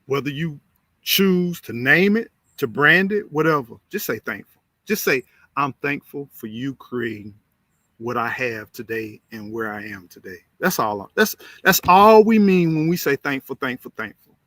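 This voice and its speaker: A man hosting a casual livestream, reading viewer comments aloud and repeating phrases in an animated, preachy way. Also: medium pitch, unhurried, no room sound, studio quality. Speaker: livestream host.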